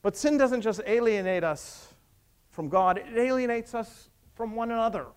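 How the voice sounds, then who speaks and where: A man preaching a sermon, retelling stories dramatically and swinging between hushed and raised delivery. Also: very high-pitched, normal speed, smooth.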